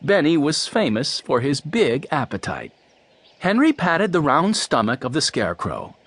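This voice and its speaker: A man narrating a children's mystery audiobook in a clear, storytelling voice. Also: on the high side, big pitch swings, unhurried, a bit bright, no echo.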